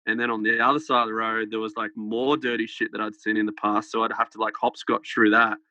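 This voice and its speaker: A young man, talking in a low, flat voice that still sounds bright and forward. He rambles through his story with many fillers, recorded dry and slightly dull. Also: quick pace, no echo. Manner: rambling, many fillers, laughs while telling. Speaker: podcast guest. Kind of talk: casual storytelling.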